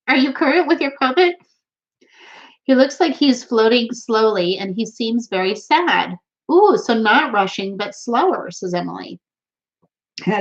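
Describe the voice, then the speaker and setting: A woman's voice: on the high side, dull audio. A woman hosting a casual tarot live stream, chatty and giggly, reading out viewer comments, with a runny nose. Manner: giggly, chatty, laughs often. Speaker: tarot livestream host.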